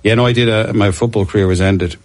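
A man's voice: lowish voice, fairly even intonation, fast, darkish tone. A middle-aged man, telling rambling, self-mocking stories as an interview guest and laughing often. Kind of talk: casual anecdotal interview.

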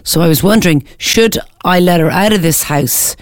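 A woman co-hosting breakfast radio, chatting in a teasing, excitable way. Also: on the low side, normal speed, no echo, studio quality. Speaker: radio co-host.

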